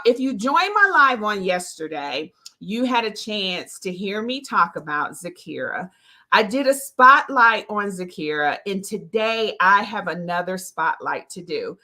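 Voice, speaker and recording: A woman with a Southern country twang speaks on her own live stream as a success coach and podcast host. Her voice is bright and forceful and sits a little low. She talks in an earnest, encouraging way and often brings in her faith. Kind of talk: solo live stream talk.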